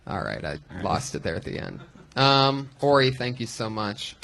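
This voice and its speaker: A man's voice: medium pitch, sing-song, normal speed, creaky, fairly bright tone. A man hosting a live comedy show, brash and profane as he roasts the guests. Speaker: host.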